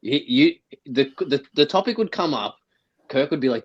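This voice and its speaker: A man co-hosting a podcast, teasing his guest with quick jabs in casual chat. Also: on the high side, animated, breathy edge. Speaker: podcast co-host. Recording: dull lo-fi audio.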